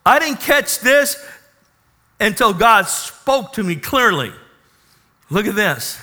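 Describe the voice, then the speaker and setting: A man preaching a sermon, animated, reading scripture and then dropping to a soft, intimate tone. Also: high voice, takes it slowly. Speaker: pastor.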